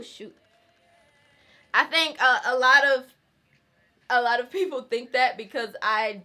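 A young woman from the rural Southern United States talks to camera in a home vlog, her voice fairly high, bright, and forceful. She's a vlogger chatting casually and candidly, laughing often and saying "y'all" in her Southern accent.

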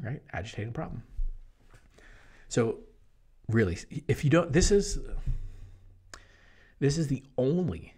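A man talking as an online business coach in a casual promotional monologue, energetic, jumping between loud bursts and hushed asides. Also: on the low side, slightly rough. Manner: mimics other people in quoted voices.

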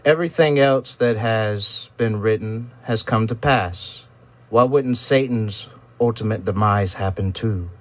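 A man voicing a towering, glowing winged angel who speaks with a calm, solemn, preaching cadence. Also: fairly low pitch, measured pace, no room sound, natural voice. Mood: earnest. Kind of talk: scripted narration.

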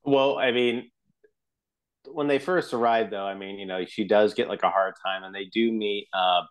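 A man's voice: on the low side, normal speed, clean tone. A man co-hosting a podcast, chatting casually about a film and acting out scenes in little quoted voices. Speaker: podcast co-host. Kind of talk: casual chat about a movie.

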